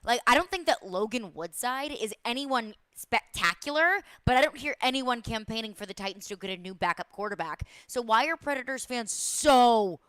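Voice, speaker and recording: A woman's voice: a little high, lively intonation, moderate pace, few pauses, fairly bright tone, smooth, dry recording. A woman co-hosting sports talk radio, asking pointed questions with dry sarcasm.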